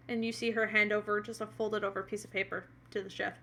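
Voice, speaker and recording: A woman's voice: mid-range voice, flat delivery, fast, pushed and bright. A woman narrating a tabletop role-playing game as game master on a live stream, hesitant and full of fillers.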